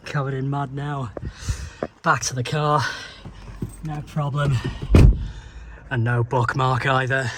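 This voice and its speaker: A man's voice: fairly high pitch, slow pace, long pauses. A man vlogging casually as he drives and walks around a town, joking at his own expense and muttering asides. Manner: chatty, self-mocking, mutters asides. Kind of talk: casual travel vlog. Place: outdoors in town and in a car. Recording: loud street noise. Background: loud outdoor and traffic noise.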